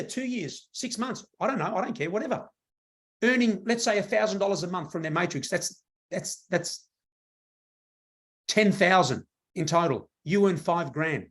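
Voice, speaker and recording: Man, high voice, excited sales pitch, addresses the room. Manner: enthusiastic, repetitive, talks to a live audience. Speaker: presenter at a business meeting.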